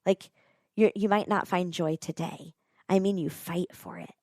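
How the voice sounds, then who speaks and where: A woman telling a heartfelt story as a podcast guest, earnest and animated, with many casual fillers. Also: lowish voice, unhurried, no room sound, studio quality. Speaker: podcast guest, nonprofit co-founder.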